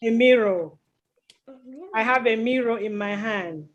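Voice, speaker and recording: A woman's voice: fairly high pitch, a little slow, highs cut off. A woman telling a children's chapel story in church, stopping often to quiz the children with questions. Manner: lively, quizzes the children with questions.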